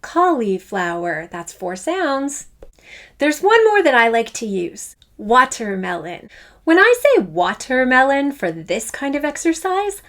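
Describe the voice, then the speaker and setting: An upbeat woman leads a children's rhythm lesson and speaks straight to the learner with plenty of praise. She talks at an unhurried pace and stretches each chanted fruit name so every syllable lands on the beat. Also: sits high, big pitch swings, a bit bright. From Canada. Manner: draws out and stresses syllables while chanting fruit names. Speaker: elementary music teacher.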